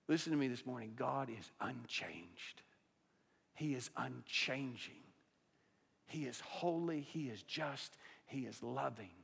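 A male pastor preaching a sermon to a congregation, swinging between loud declarations and hushed, intense asides. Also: mid-range voice, gravelly. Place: church sanctuary with a congregation. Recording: long hall reverb.

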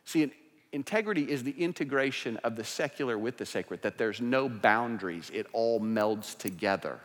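A male pastor preaching a sermon in church, speaking conversationally and moving from hushed asides to raised emphatic passages. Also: medium pitch. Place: church sanctuary. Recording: long hall reverb.

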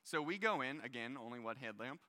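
A young man in his twenties telling a story in a casual, animated way during a sermon to a young adult crowd. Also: mid-range voice, brisk. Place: large hall with a stage. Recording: long hall reverb.

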